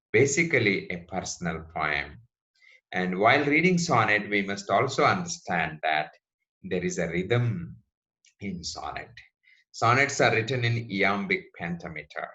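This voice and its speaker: A man's voice: sits low, bright, forceful tone. A man giving a patient, step-by-step literature lecture to students. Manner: patient, methodical, spelling things out step by step. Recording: dull lo-fi recording.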